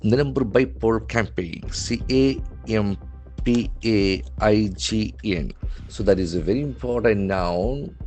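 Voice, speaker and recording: A man teaching vocabulary from a newspaper. He speaks slowly and deliberately, spelling words out letter by letter. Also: lowish voice, darkish tone, faint music behind. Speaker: English language trainer.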